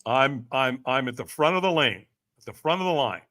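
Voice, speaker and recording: A man's voice: mid-range voice, expressive, a little fast, fairly bright tone. A middle-aged man telling a personal story as a podcast guest, acting out the other voices with big swings. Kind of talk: animated storytelling.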